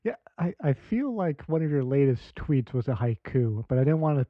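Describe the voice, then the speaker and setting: A man's voice: mid-range voice, big pitch swings, moderate pace, no room sound. A man hosting a podcast, chatting casually in loose, filler-heavy talk. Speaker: podcast host. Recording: tinny phone-like line, dry.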